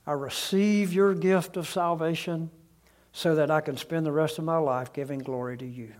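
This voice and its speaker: A man preaching a sermon, slow and deliberate, sometimes dropping to a hushed voice, recorded outdoors beside a tree. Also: on the high side, fairly even intonation. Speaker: pastor.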